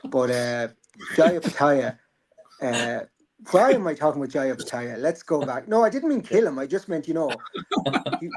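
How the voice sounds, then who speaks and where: A man's voice: a little high, animated, moderate pace, a little mellow. A man, hosting a casual boxing chat, rambling and joking, swearing freely. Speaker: boxing podcast host.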